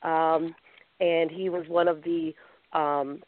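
A woman's voice: sits low, level tone, slow pace. Chatty woman host on a phone line. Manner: chatty storyteller, many fillers. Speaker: talk show host. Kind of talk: casual chat.

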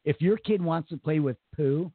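A man's voice: fairly high pitch, moderate pace, dry recording, phone-quality sound. A man hosting a radio talk show in casual, joking chat, often laughing and mocking.

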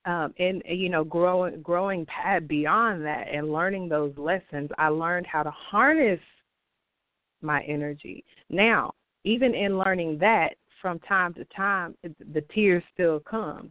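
A man giving a weekly astrology forecast, talking in an expressive, passionate way and laughing often. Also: high voice, dry recording. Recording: tinny phone-like dry sound.

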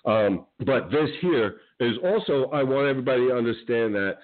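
A man's voice: medium pitch, expressive, normal speed, hardly any pauses. A man who promotes wrestling shows, ranting heatedly on a radio show and repeating "okay?" often. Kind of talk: animated radio show rant. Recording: tinny phone line.

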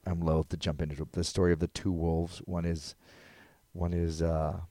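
A man's voice: low-pitched, level tone, normal speed, dark tone, no room sound. A man in casual podcast chat, rambling and reflective, now and then acting out quotes.

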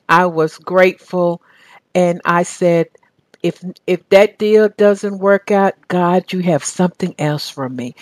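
Woman, Southern US accent, radio talk host, enthusiastic, unhurried delivery, dry close sound. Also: lowish voice, dry recording. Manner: enthusiastic, faith-filled, uses fillers like uh. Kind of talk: radio talk show monologue.

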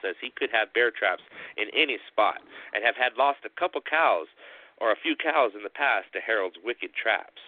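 A man hosting a show, narrating a spooky story with slow, dramatic pauses. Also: lowish voice, no echo. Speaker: storyteller host. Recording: tinny phone-like line.

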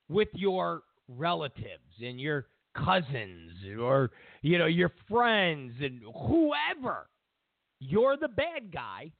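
Male talk show host, opinionated monologue, lively swinging pitch, unhurried and emphatic, dry tinny sound. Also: gravelly, no echo. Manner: animated, emphatic, sarcastic hypotheticals. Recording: tinny phone-like audio.

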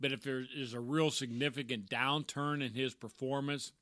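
A man's voice: medium pitch, fairly even intonation, normal speed, fairly bright tone, no room sound, clean studio sound. A man co-hosting a sports podcast, rambling through his points with frequent restarts. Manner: rambling, restarts with repeated words. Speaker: podcast co-host. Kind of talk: casual sports chat.

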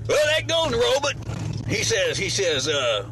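A man putting on a bright, folksy Southern storyteller. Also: high voice, huge pitch swings, normal speed, a little hiss or hum, pitched above the performer's own voice, heavily acted. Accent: put-on rural Southern US drawl. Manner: rambling, self-correcting yarn-spinning. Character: folksy rural Southern man telling a tall tale. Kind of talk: comic storytelling.

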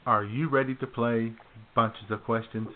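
A man's voice: medium pitch, steady tone, unhurried, slight background noise. A man hosting a casual talk radio show, firing off upbeat quiz questions and laughing easily. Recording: tinny phone-like sound.

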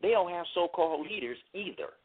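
A man's voice: sits high, animated, fairly quick, slightly rough. A man calling in to a radio show, hesitant and stammering as he makes a critical point. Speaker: caller. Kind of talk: call-in argument. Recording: tinny phone line.

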